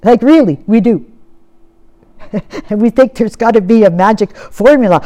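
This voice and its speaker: A woman delivers a sermon with a warm, mellow tone. She talks earnestly and keeps posing questions to her listeners. Her voice often falls away to something soft and quiet. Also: medium pitch, animated, a little slow. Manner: earnest, asks rhetorical questions, often drops to soft tones. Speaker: preacher.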